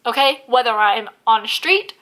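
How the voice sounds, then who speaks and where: A woman's voice: on the high side, expressive, moderate pace, sharp tone. A woman ranting in a casual vlog, blunt and full of swearing, who says she is losing her voice. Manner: blunt, swears a lot, heavy use of "like". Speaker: vlogger.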